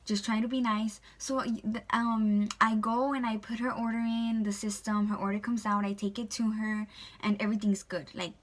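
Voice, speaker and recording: A young woman sharing a storytime on her vlog, her voice sitting in an everyday middle pitch. She talks in a loose, chatty way, dropping plenty of "like" and "um" as she goes. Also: little pitch movement, normal speed. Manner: chatty, filler-heavy, lots of "like" and "um". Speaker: vlogger.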